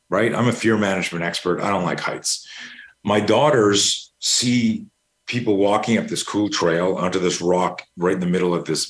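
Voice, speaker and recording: Low-voiced middle-aged man telling stories. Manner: rambling, anecdotal, casual swearing. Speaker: guest, fear management expert. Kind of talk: storytelling interview.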